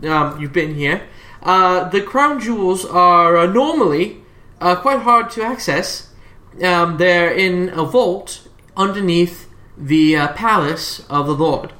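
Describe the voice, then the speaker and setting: A male quartermaster and fence in a tabletop game, voiced by the game master. He explains plans hesitantly, full of fillers. The voice is bright, and the room adds echo. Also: mid-range voice, animated, takes it slowly. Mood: businesslike. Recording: roomy echo.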